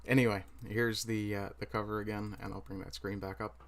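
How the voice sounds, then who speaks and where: A middle-aged Newfoundland man hosts a relaxed livestream in a lowish voice. He rambles along, stops to fix his own words and tosses off chatty asides as he clicks through pages. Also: brisk, vocal fry. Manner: rambling, self-correcting, chatty asides while browsing. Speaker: livestream host. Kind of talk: casual livestream chat.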